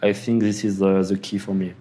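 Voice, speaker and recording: A man's voice: deep voice, little pitch movement, fairly quick, dark tone. A young man with a French accent and French as his first language, chatting casually about sales and laughing through his stories. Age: young adult. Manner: non-native phrasing, laughs while telling stories. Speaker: sales closer. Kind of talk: casual podcast chat.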